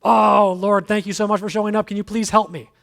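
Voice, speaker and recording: A man's voice: little pitch movement, a little slow, gravelly, fairly bright tone, exaggerated voice. A man playing a frantic man clinging to a cliff. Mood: panicked pleading. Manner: frantic, pleading, high-pitched. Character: panicked man dangling from a cliff branch.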